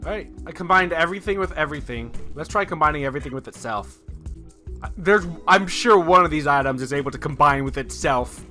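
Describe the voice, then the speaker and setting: A man's voice: on the high side, sharp tone. A man chatting playfully and thinking aloud while streaming a game. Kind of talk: casual let's-play commentary.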